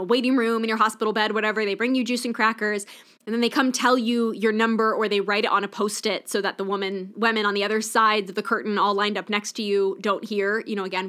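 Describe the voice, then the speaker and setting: A woman's voice: mid-range voice, fairly bright tone, clear, resonant tone. A woman hosting a podcast, speaking candidly and emotionally in a reflective personal monologue. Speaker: podcast host.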